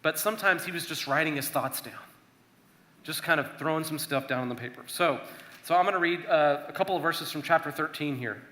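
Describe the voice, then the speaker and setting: A man giving a casual, conversational youth sermon, talking to a church youth group and acting out prayers in a hushed voice. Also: a little high, fairly quick. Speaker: youth minister. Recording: echoey room.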